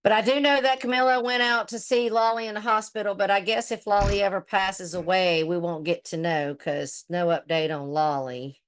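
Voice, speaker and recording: A woman's voice: mid-range voice, fairly even intonation, normal speed, few pauses. A middle-aged woman hosting a casual commentary chat, blunt and profane, trash-talking the people she discusses. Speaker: host.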